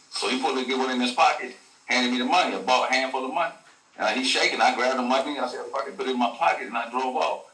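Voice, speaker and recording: A man's voice: medium pitch, fast, sharp tone, a little hiss or hum. A man, a guest telling a story in casual slang, full of profanity and acted quotes. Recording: echoey room, a bit far from the mic.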